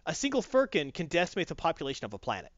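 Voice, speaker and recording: A man chatting casually about a movie, acting out quotes in quick voices. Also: fairly high pitch, wildly swooping pitch, no echo, highs cut off. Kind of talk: casual chat, movie review.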